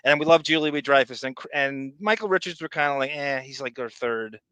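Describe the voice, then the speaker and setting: Podcast co-host, male, bright and crisp, dry close sound, rambling casual chat. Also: mid-range voice, a little fast, no echo, low-quality recording. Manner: rambling, quotes listener comments aloud.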